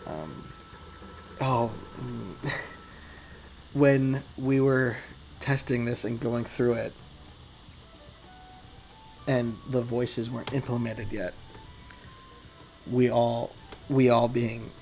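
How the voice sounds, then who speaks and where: A game developer talks through his work in a relaxed, rambling way, often poking fun at himself. His voice is a man's at middle pitch with a gravelly edge, unhurried. Faint game music plays under him. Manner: rambling, self-deprecating, laughs often. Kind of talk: casual behind-the-scenes commentary.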